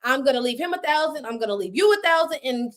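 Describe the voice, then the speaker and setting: A woman guest on a live video call, telling her story in casual, animated talk, acting out what people said with slang and swearing. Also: sits high, fast talker. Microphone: phone on a live video call.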